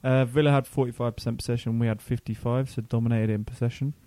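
A man's voice: medium pitch, fairly even intonation, quick pace, dark tone, no room sound. A man co-hosting a casual football fan podcast, running through match stats in a matter-of-fact way. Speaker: podcast co-host.

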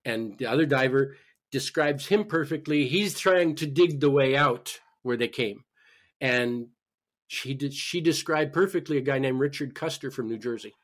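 A man, a guest on a talk podcast, telling a personal story in an animated way with frequent restarts. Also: medium pitch, normal speed. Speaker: podcast guest, spiritual healer. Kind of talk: personal story told in conversation.

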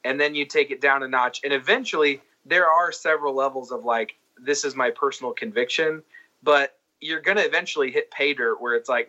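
Casting: man, mid pitch, bright tense tone, polite and hesitant podcast co-host, dull lo-fi sound. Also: brisk. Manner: hesitant, polite questions with many restarts. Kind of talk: casual chat.

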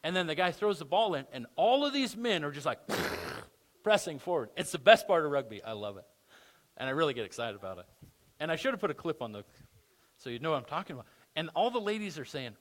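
A man's voice: a little high, sing-song, a little fast. A man preaching a sermon as pastor, conversational with emphatic bursts.

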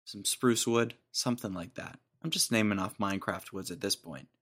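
A man's voice: lowish voice, moderate pace, a bit bright. A young man in his twenties hosting a podcast, telling a rambling, jokey story in casual slang. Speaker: podcast host.

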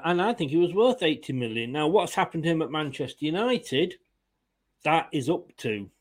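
Chatty football fan streamer. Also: male voice, on the high side. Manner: chatty, opinionated, laughs often, greets viewers. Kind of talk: casual live-stream chat.

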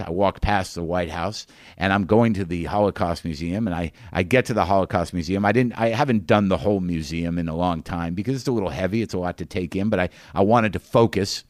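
A man with a lowish voice spins a comic monologue, stumbling over restarts and sounding disbelieving. He talks as a podcast host would to his listeners. The recording is close and dry. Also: no room sound. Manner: rambling, incredulous, quick restarts.

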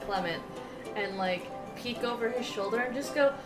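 A woman's voice: fairly high pitch, moderate pace. A woman playing a tabletop game, chatting playfully and giggling often. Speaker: player. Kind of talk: casual tabletop game chat. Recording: roomy echo with music.

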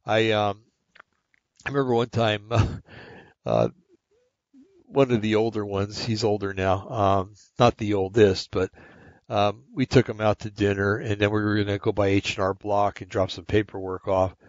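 A blunt older man delivering a rambling podcast monologue, full of restarts. His voice sits somewhat low, and the recording is dull and lo-fi with a dry, close sound. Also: flat delivery, measured pace, no echo. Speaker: podcast host. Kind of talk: opinionated monologue.

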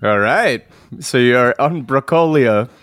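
A man's voice: medium pitch, lively intonation, takes it slowly, a bit bright, faint music behind. A man co-hosting a comedy podcast in a casual, playful brainstorm, laughing often. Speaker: podcast co-host picking ideas.

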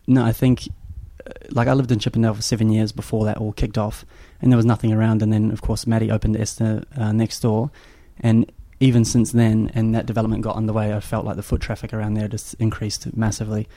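Fast-talking gravelly man. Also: lowish voice, monotone, mellow, no room sound. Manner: fast, swearing, laid-back. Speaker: chef and restaurant owner. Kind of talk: casual podcast chat.

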